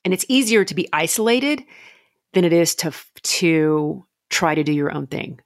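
A woman's voice: deep voice, expressive, normal speed, dry recording, clean studio sound. A woman hosting an interview, affirming and empathetic as she asks questions. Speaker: host. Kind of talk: interview podcast.

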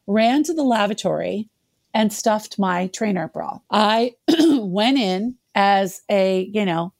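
A woman's voice: medium pitch, lively intonation, slow, darkish tone, no room sound, studio quality. A woman in her fifties, a guest telling a candid, self-deprecating personal story and laughing at herself.

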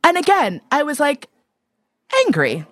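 A woman telling a candid personal story in an interview, animated and profane, often breaking into laughter. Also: high-pitched, unhurried.

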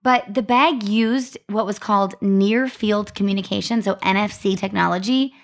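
A woman's voice: medium pitch, moderate pace. Upbeat young woman telling a story. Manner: upbeat storytelling, reads out marketing facts. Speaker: podcast co-host. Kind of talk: casual chat.

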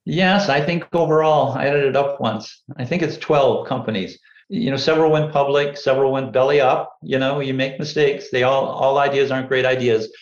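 An older man, an engineer and inventor, telling relaxed, rambling anecdotes in an interview, full of "you know" fillers. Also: mid-range voice, normal speed. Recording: dull echoey room recording.

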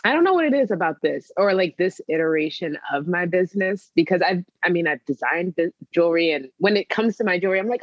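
A woman's voice: on the low side, expressive, fast talker, hardly any pauses, no room sound, lo-fi sound. A woman being coached, talking hesitantly with many fillers, candid and emotional about her work. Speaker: coaching client, joy strategist for working moms. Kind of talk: coaching conversation, role-play practice.

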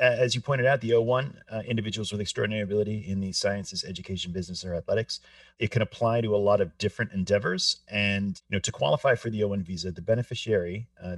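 A man co-hosting a podcast, explaining things in a measured, explanatory way. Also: lowish voice, dry recording, distant mic. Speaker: podcast co-host. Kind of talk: casual podcast discussion.

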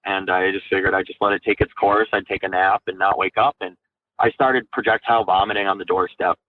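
A young man with a fairly low voice recounts his own story in an interview. He speaks candidly and haltingly, with frequent fillers and restarts as he gathers his thoughts. He is a veteran from Minnesota. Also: fairly even intonation, pushed and bright, rough recording. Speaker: guest, Army National Guard veteran.

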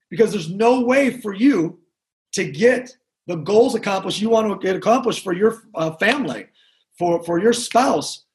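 A man giving an energetic motivational talk to a sales team. He repeats his key points and asks the crowd questions. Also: high voice. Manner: energetic, repetitive, talks to the crowd. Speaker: sales trainer.

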